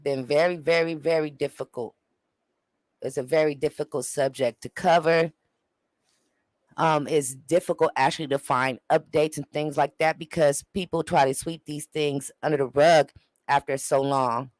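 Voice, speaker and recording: A man's voice: on the high side, steady tone, moderate pace, no room sound, poor audio. A man in his forties hosting a show, making emotional, preacher-like appeals to his viewers. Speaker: show host. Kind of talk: livestream commentary.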